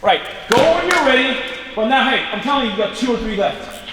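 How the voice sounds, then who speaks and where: Hyped high-voiced male throwing coach. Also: lively intonation, a little fast. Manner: hyped, swears freely, loud cheering bursts. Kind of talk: casual hands-on coaching. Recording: echoey, distant mic, background noise.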